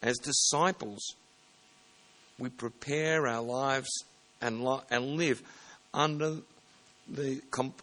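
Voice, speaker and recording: A man delivers a sermon in an easygoing, conversational way. His voice sits at an average pitch, and now and then he stops to correct himself mid-sentence. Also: steady tone, takes it slowly, long pauses, a bit bright. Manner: plain conversational preaching with self-corrections. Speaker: pastor.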